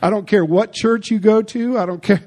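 With a warm, mellow, fairly high voice, this pastor delivers his sermon. His preaching is forceful but chatty, and he restates his points and throws quick asides to the congregation.

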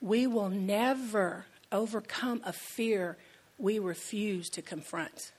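A woman's voice: mid-range voice, takes it slowly, a little mellow, husky. A woman pastor giving a sermon in a conversational, storytelling way, repeating key lines for emphasis.

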